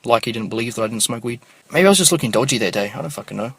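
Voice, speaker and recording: A man's voice: medium pitch, expressive, very fast, vocal fry, husky, no echo. A young man telling rambling, slangy stories as a podcast host, swearing often. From New Zealand. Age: young adult. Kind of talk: casual storytelling monologue.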